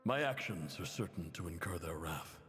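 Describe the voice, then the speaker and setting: A proud desert tribe chief and anxious father, speaking in an earnest, pleading way. His voice sits low but moves widely through its pitch. The game audio carries a long, hall-like reverb. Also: lively intonation, moderate pace, fairly bright tone, soft background music. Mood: earnest plea.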